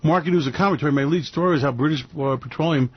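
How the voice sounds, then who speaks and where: A man hosting a market commentary radio show, talking in a loud, brash, sarcastic way and mocking people with put-on voices. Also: a little high, racing, husky, no echo. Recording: dry, slightly dull lo-fi recording.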